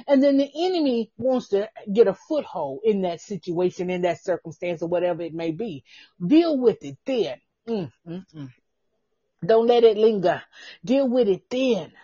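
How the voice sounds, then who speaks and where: A woman's voice: mid-range voice, dark tone, no room sound, dull audio. A woman pastor preaching a fervent podcast sermon, with repeated exclamations and bursts of speaking in tongues, who laughs at herself and talks straight to the listeners.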